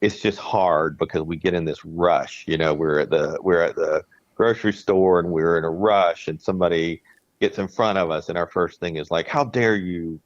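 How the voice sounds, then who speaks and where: A man's voice: deep voice, fairly even intonation, normal speed, no room sound. A man co-hosting a podcast, talking in an earnest, reflective way and often restarting his sentences. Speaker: podcast co-host. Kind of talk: casual chat. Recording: dry, dull lo-fi sound.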